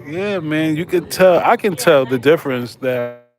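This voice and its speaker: A man's voice: a little high, expressive, measured pace. A man hosting a casual livestream from a hospital room, slangy and laid back as he chats with viewers. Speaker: livestream host.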